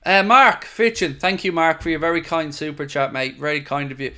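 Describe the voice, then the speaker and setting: A man's voice: a little high, fairly even intonation, fairly quick, pushed and bright. A man hosting a live fan stream, reading viewer messages and answering them in a frustrated, emphatic way, swearing now and then. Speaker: fan channel host.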